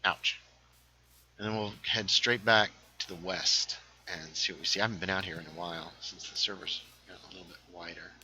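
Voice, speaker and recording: A man hosting a casual gaming livestream, chatting while he plays, reading viewer comments aloud and sometimes dropping into hushed asides. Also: low-pitched, brisk, poor audio. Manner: lively, reads chat aloud, drops into hushed asides.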